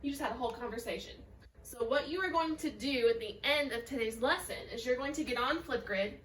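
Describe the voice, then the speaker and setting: A woman's voice: fairly high pitch, brisk. A woman French teacher recording a video lesson, explaining step by step and modelling French words and phrases. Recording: echoey room, voice a bit far from the mic.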